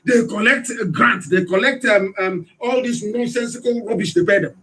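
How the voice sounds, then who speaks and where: Fiery, high-pitched Nigerian man. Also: normal speed. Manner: fiery, hectoring, rhetorical questions, sometimes shouting. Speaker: radio broadcaster. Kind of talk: impassioned political radio address.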